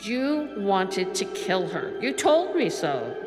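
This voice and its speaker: A cold sinister double. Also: female voice, mid-range voice, very animated. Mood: taunting. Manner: cool, taunting, unhurried. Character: cold sinister female double, calm killer. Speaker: radio drama actress. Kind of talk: 1940s radio acting. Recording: long hall reverb, loud music.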